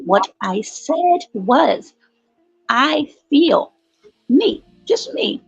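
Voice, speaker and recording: A woman speaking slowly and deliberately, her voice high with a gravelly edge. The sound is dry and a little dull, with faint music in the background. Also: sing-song, no echo. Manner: slow, deliberate, measured. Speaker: guest. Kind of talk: casual chat.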